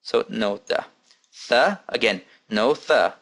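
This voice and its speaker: A man teaching an Arabic lesson, repeating each word slowly and patiently and counting its letters aloud. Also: lowish voice, lively intonation, a bit bright. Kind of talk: recorded language lesson.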